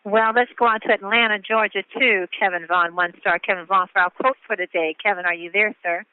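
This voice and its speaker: Man, high voice, quick, smooth, encouraging host, tinny phone line. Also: fairly even intonation, no room sound. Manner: upbeat, encouraging, sermon-like. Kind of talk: motivational conference call.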